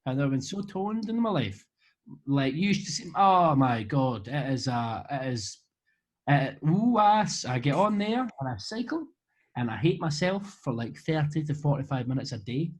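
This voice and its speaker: Here a man with a Scottish accent chats casually as an interview guest, taking fan questions by video call and wandering through jokey, self-mocking answers. His medium pitch swings widely at a moderate pace, and the webcam audio is poor.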